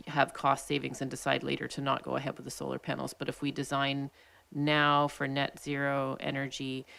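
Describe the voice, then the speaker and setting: A woman's voice: low-pitched, vocal fry, fairly bright tone. A woman city councillor asking staff a polite follow-up question at a council meeting. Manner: polite, thinking aloud.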